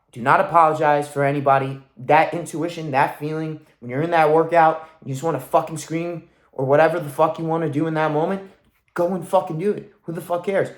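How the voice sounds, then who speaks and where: A man in his thirties delivers a motivational rant as a coach, intense and emphatic, with profanity in nearly every line. His voice sits a bit high for a man, and the recording carries a roomy echo. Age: 30s. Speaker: weight-loss coach.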